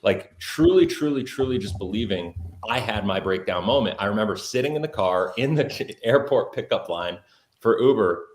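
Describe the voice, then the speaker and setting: Low-voiced earnest man in a roomy space. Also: expressive, normal speed. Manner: earnest, many fillers like "like". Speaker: podcast guest, entrepreneur. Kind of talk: personal storytelling in an interview.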